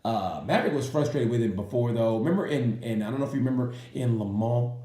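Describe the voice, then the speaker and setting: Male comic race reviewer, rambling and animated, mellow voice in an echoey room. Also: medium pitch, fast talker. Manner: rambling, animated, acts out quotes in silly voices. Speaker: racing commentator. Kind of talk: casual comedic race review.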